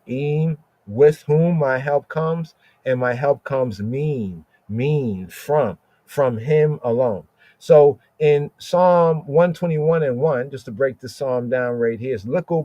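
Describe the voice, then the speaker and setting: A man talks through a scripture passage in an unhurried, conversational way, stopping often to check in with "right?" and to restart his thought. The recording is dull and lo-fi, with a close, dry sound and no room around the voice. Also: medium pitch, warm tone, no echo. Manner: thinking aloud, frequent "right?" and "you know", halting restarts. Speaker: podcast host teaching scripture. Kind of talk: casual scripture study talk.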